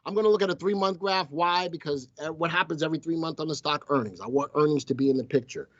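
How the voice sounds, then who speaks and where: A man's voice: a little high, quick pace, a bit bright, no echo, muffled recording. A man hosting a casual live stock-market show, teasing his viewers and crew as he talks. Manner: playful, teasing banter with chat. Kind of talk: casual live-stream commentary.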